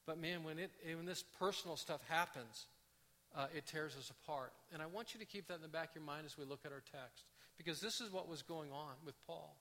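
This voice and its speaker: A man's voice: a little high, brisk. A man preaching a conversational sermon, often restarting his phrases. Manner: conversational, animated, with frequent restarts. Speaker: pastor.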